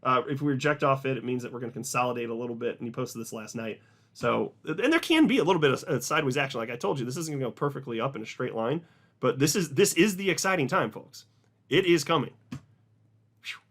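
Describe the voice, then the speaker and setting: A man hosting an online video, talking excitedly and emphatically, often repeating words for stress. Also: mid-range voice, fast talker. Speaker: crypto video host. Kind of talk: casual commentary to camera.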